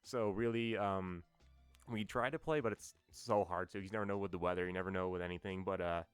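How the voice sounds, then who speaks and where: A man guesting on a podcast as a band's bassist, telling stories casually with many fillers and restarts. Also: fairly even intonation, a little fast, clear, resonant tone, dry recording, faint music behind. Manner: rambling storyteller, many fillers. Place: New York.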